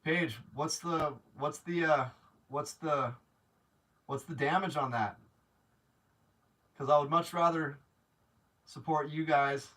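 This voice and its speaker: A man's voice: on the high side, steady tone, slow, long pauses, sharp tone, recorded from a distance. A man hosting a casual live stream, chatting to viewers, rambling with many restarts and growing openly grateful. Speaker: livestream host.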